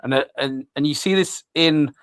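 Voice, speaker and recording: A man's voice: on the high side, normal speed, smooth, no echo. A man hosting a casual radio chat, rambling with many restarts and fillers. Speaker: host.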